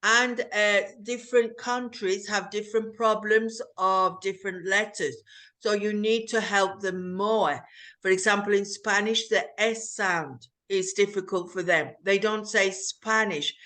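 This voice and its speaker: Slow, bright-voiced woman teacher. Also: medium pitch, fairly even intonation. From England. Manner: slow, careful, explanatory. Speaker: English teacher, host. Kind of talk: casual conversation on a video call.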